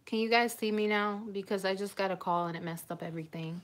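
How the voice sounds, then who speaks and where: This twenty-something vlogger speaks quickly in a medium-pitched voice, live-streaming from home on her phone. Her casual chat rambles and turns emotional, and she keeps cutting herself off mid-thought.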